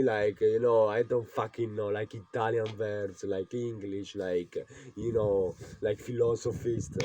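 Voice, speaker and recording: A young male vlogger rants to the camera at home in an old rural house, agitated and frustrated, swearing often and repeating himself. His voice is on the low side with a dark tone, and the audio sounds dull.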